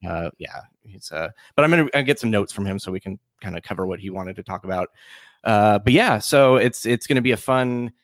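A male podcast host with a somewhat low voice, chatting casually. He rambles and restarts often, full of fillers. The sound is dry and close, with no room around him. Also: expressive, a little fast, no room sound. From Washington State. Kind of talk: casual chat.

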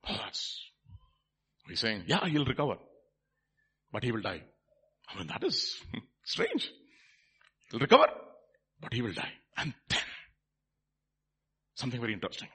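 A man preaches with a husky, bright voice. His pitch leaps widely as he moves from hushed reflection to loud, fervent declarations, and his tone stays fairly high for a man. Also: huge pitch swings, normal speed, pauses often. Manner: swings from quiet musing to loud fervent preaching. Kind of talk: sermon.

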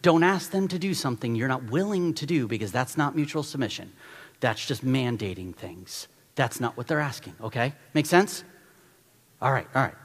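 A middle-aged man preaching a sermon as pastor, animated and exhorting, repeating points for emphasis. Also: medium pitch, normal speed. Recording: long reverb of a large hall.

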